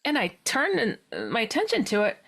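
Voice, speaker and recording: A woman's voice: moderate pace, vocal fry, breathy edge. Woman telling a story with lots of laughter. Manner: animated storytelling, frequent laughter; acts out her own past words with sudden pitch jumps. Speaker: guest, paranormal author. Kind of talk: telling a personal story in a podcast interview.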